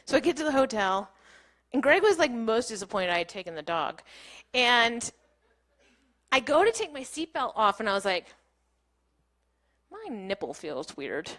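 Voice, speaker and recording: A woman's voice: a little high, very animated, moderate pace, pauses often, a bit bright. A woman in her thirties giving a candid storytelling talk on a small stage, laughing often and saying "like" a lot. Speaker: keynote speaker.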